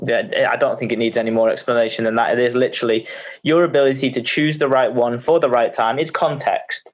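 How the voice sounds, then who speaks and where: A man talks casually about coaching, circling back and restarting his sentences as he goes. His voice sits at an ordinary pitch. The recording is a little muffled. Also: a little fast. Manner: animated, repetitive storytelling with many restarts. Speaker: online fitness coach. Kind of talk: casual podcast chat. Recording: slightly muffled audio.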